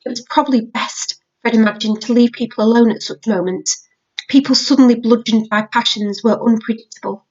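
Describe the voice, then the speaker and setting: Woman reading a novel aloud. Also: on the high side. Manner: measured storytelling. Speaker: reader. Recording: dull lo-fi audiobook recording.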